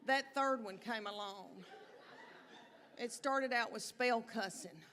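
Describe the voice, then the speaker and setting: A woman's voice: fairly high pitch, slow, crowd noise. A middle-aged woman, telling chatty, folksy stories in a stand-up comedy routine. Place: comedy stage before a live audience.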